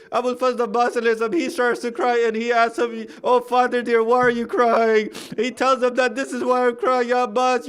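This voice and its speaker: A man reciting a mourning sermon, telling the story in a pleading, tearful way that climbs to a loud cry. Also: extremely high pitch. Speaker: speaker narrating a martyrdom account. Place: mosque hall.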